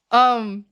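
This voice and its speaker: A woman's voice: fairly high pitch, a bit bright, clean tone, muffled recording. A young woman streamer telling a story to her chat in a casual, chatty way, laughing often.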